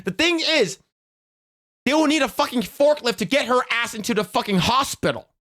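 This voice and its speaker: A man's voice: extremely high pitch, lively intonation, normal speed, a bit bright. Young guy streaming, swearing a lot, rambly reaction talk. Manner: profane, rambling, frequent restarts. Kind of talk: casual live-stream commentary.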